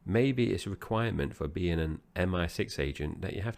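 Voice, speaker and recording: A man co-hosting a film podcast, recapping the plot in an easygoing, slightly halting way. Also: deep voice, expressive, gravelly, darkish tone. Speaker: podcast co-host. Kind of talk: casual film-review chat.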